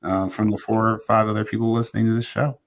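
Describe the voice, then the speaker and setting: A man co-hosting a podcast in casual chat, halting and self-deprecating, with his sentences often trailing off. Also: on the low side, little pitch movement. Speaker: podcast co-host.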